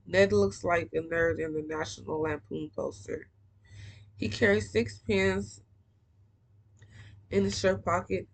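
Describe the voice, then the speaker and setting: A woman's voice: mid-range voice, poor audio. A woman reading a young-adult novel aloud, breaking off for casual, slangy comments. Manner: casual slangy asides between passages. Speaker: book reader.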